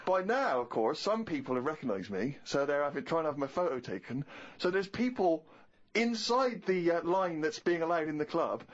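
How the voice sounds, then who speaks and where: A man co-hosting a podcast, telling comic stories in an animated, rapid way. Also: a little high, muffled recording. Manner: animated, rapid anecdotal delivery. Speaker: co-host.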